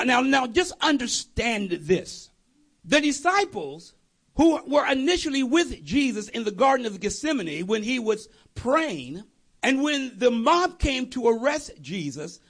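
A male pastor preaching a sermon to a congregation, telling the story with animated energy and voicing its characters. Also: very high-pitched, unhurried.

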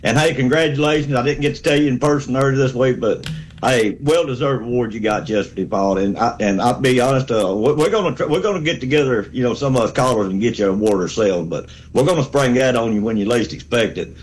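A man's voice: mid-range voice, fast, slight background noise, poor audio. A man, calling in to a sports talk show with a fervent, rambling pep talk. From Alabama. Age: 60s. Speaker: caller.

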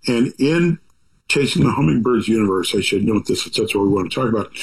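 A man's voice: fairly low pitch, animated, fairly quick, rough recording. Older man rambling in folksy asides. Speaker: author talking about his book. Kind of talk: reflective conversational monologue.

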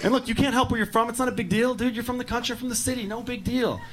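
A man's voice: extremely high pitch, steady tone, rapid-fire, noisy background. Brash profane stand-up comic man. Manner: brash, profane, punchy delivery. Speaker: stand-up comedian. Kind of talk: stand-up set.

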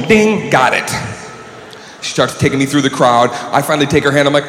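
Male stand-up shouting in a roomy club. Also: on the high side, expressive, brisk, background noise. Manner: loud, swaggering, acts out scenes with shouted voices. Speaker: stand-up comedian. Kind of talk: stand-up comedy set. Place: comedy club on stage. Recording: roomy live club recording with crowd.

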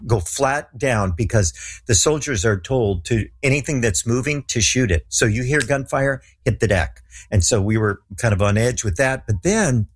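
A man's voice: medium pitch, moderate pace, a little hiss or hum. A middle-aged man telling a story in a casual interview, acting out the voices of the people he quotes.

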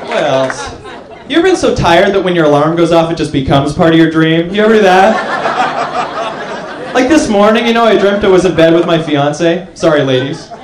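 Animated young stand-up comic in a roomy club. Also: male voice, a little high, brisk, a crowd in the background, background noise. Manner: animated, jokey, acts out characters in funny voices. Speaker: stand-up comedian. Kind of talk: stand-up comedy set. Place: comedy club stage before a live audience. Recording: roomy live club with audience.

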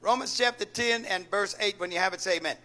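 High bright-voiced male preacher. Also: fast. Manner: preaching with repeated calls to the congregation. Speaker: pastor. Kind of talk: call-and-response sermon.

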